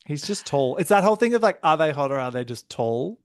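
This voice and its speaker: Gravelly man, chatty podcast host. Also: a little high, a little fast, no room sound, studio quality. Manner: animated, acts out quotes in exaggerated voices, laughs often. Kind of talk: casual podcast chat.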